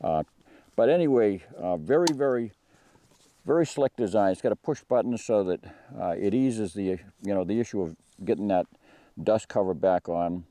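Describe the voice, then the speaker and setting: A man's voice: on the low side, moderate pace, dark tone. A man hosting a firearms channel, talking through a rifle review in a rambling way with many fillers and restarts. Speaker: gun channel host. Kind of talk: casual spoken product review.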